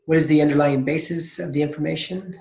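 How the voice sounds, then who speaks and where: A man delivers a recorded accounting lecture in a fairly high voice, posing questions and then answering them, with the odd restart. The sound is roomy and echoey, and the recording is dull and lo-fi. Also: fairly even intonation, fast, gravelly, a little mellow. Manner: explanatory, asks and answers his own questions, frequent restarts. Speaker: accounting instructor.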